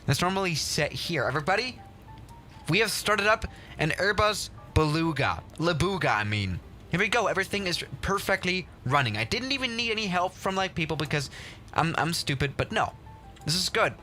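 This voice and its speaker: A young male streamer with a fairly high, bright voice that swings widely in pitch as he chats. He talks in an excitable, rambling way and pokes fun at himself, with faint music playing underneath. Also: normal speed. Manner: excitable, rambling, self-mocking. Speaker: livestream host. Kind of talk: casual game livestream commentary.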